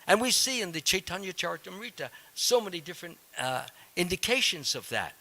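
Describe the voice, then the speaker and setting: A man's voice: high-pitched, big pitch swings, a little fast, sharp tone. A man, a swami, giving a devotional scripture class in a temple hall, explaining step by step in a conversational way and putting questions to his listeners.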